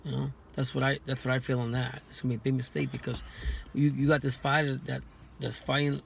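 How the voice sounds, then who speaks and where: Gravelly man with a flat, halting delivery. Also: medium pitch, a little hiss or hum. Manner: halting, many restarts and repeated words. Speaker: guest boxing commentator. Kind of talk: casual podcast chat.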